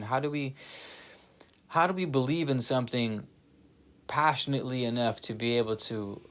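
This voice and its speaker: Animated, swearing young man talking to camera. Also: medium pitch. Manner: animated, swears freely, restarts sentences often. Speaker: channel host. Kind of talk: casual spoken monologue to camera.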